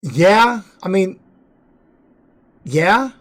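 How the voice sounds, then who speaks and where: A man's voice: sits high, expressive, very slow, fairly bright tone. A man giving casual live-stream commentary on fight videos, blunt and profane, repeating words for emphasis.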